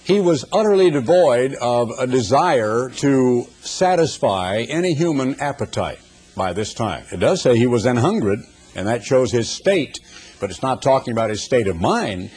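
A man's voice: mid-range voice, very animated, moderate pace, darkish tone, slightly rough. An older man preaching a sermon, telling folksy stories with humorous asides before turning to scripture. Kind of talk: sermon with anecdotes.

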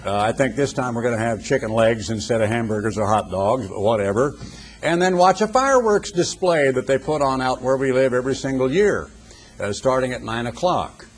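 An older man giving a radio sermon, husky-voiced, building emphatic rhetorical questions. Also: mid-range voice, lively intonation, a little fast. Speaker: preacher, radio broadcaster.

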